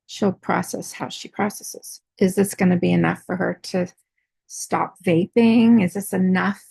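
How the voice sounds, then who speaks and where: A woman's voice: on the low side, little pitch movement, moderate pace, vocal fry, a little mellow, breathy edge, no room sound. A woman in her forties, out of breath, telling a personal story in a rambling way, full of fillers and restarts. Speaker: artist vlogger.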